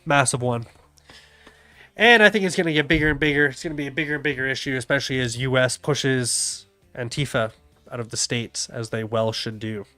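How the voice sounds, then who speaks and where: A man's voice: mid-range voice, brisk, pushed and bright, soft background music. A man streaming a casual rant commentary over videos, blunt and profane, often sneering and laughing. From Canada.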